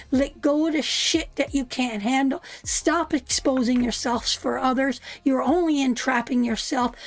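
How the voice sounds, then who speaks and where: A woman's voice: high voice, no echo. A woman giving a live tarot reading. She is soothing and emphatic, keeps calling the listener sweetheart, and swears now and then. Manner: soothing, repeats "sweetheart" often, emphatic and earnest. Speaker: tarot reader.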